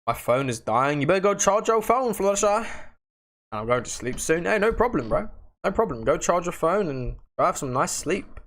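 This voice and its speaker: Very animated and speaking at a normal speed, a young host chats with his livestream viewers in rambling slang, switching from loud outbursts to low mutters.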